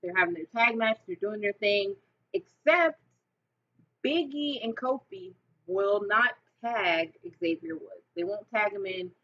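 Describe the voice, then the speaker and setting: Woman rambling excitedly, dull lo-fi sound. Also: mid-range voice, measured pace. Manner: excited, rambling retelling with fillers. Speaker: wrestling fan vlogger. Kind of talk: casual storytelling monologue.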